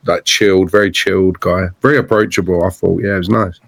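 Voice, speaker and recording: A man's voice: sits low, fairly even intonation, brisk, gravelly, dry recording. A man chatting casually as a podcast guest, rambling through stories with frequent restarts. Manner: rambling, storytelling with many restarts. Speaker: guest filmmaker and guitarist.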